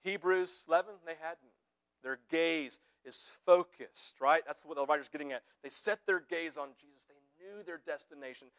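A pastor preaching a conversational sermon, often checking in with his listeners with quick tag questions. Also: on the high side, fairly bright tone.

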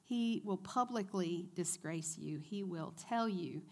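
A woman in her forties giving a church teaching talk to a women's group, chatty and animated, asking her audience questions. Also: fairly low pitch, slow pace. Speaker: women's ministry speaker.

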